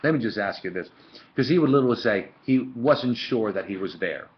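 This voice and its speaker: A man's voice: on the low side, expressive, a little fast. A man teaching a philosophy lesson in a casual lecture style, full of fillers and storytelling asides, recorded on a webcam. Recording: dull lo-fi webcam audio.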